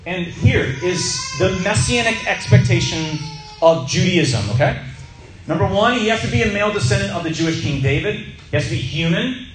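A man teaching to a small group in a sermon style, telling a personal story and slowing down to stress key words. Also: high voice, lively intonation, fairly bright tone, roomy sound, faint music behind, poor audio. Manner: conversational, stretches key words slowly for emphasis.

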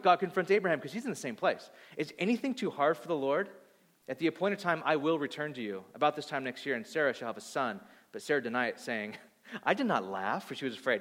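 A man in his thirties preaching a sermon, animated, acting out voices and swinging between loud and soft. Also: fairly high pitch. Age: 30s. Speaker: pastor. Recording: long hall reverb.

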